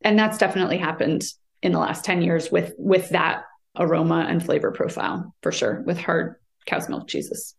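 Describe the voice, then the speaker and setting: An American woman with a somewhat low voice explains her field in a conversational interview. She is thoughtful and explanatory, with frequent fillers and restarts. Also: normal speed, creaky. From United States. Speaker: cheese writer and commentator.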